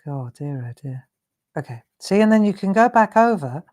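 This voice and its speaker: A woman's voice: lowish voice, sing-song, moderate pace, darkish tone. A woman hosting a live craft tutorial, chatting in a self-deprecating way while she colours in.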